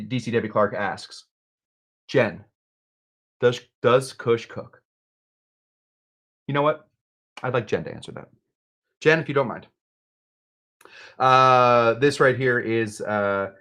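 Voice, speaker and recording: A man hosting a livestream chats loosely as he mixes cocktails. He wanders off on tangents, pokes fun at himself and fills the gaps with casual fillers. His voice sits at an everyday middle pitch. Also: fairly bright tone. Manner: rambling, chatty, self-deprecating, with many fillers. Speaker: host of a live cocktail-making show. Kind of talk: casual livestream chat while mixing drinks.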